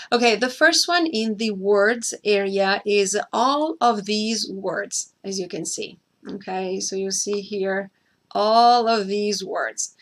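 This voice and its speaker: A woman walks viewers through a screen-share tutorial, going step by step and repeating the key points so nobody gets lost. Her voice has a noticeable gravelly edge, and it sits at an ordinary middle pitch. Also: fairly bright tone. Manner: addresses a co-host by name. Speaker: host.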